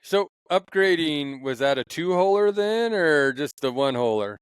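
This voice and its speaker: Smooth-voiced podcast host, laughs easily. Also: male voice, on the high side, lively intonation, normal speed, dry recording. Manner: laughs easily, gropes for words. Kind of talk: casual chat.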